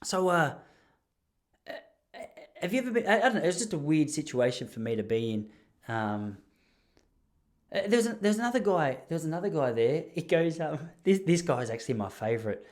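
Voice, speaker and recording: A man's voice: fairly high pitch, sing-song, a little fast, darkish tone. A young man from Gippsland with an Australian accent, hosting a podcast and telling rambling, self-mocking stories. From Traralgon, Gippsland, Australia. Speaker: podcast host. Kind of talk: casual storytelling.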